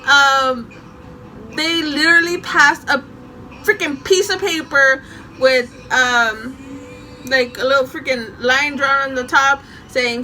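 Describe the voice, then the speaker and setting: A young woman casually telling a story from her school days, animated and often laughing. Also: high-pitched, takes it slowly, a little hiss or hum, poor audio.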